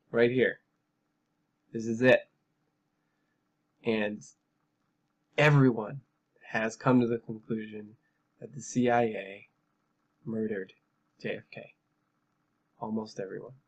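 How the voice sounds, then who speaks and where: A man giving emphatic, heated commentary on a news article, with frequent fillers and repeated phrases. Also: on the low side. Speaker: political commentary vlogger.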